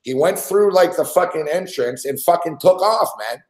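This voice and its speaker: A man co-hosting a sports betting talk show tells a story in loose casual chat. He swears freely and laughs between his lines. His voice sits a little high, and the room around him is echoey. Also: animated, moderate pace.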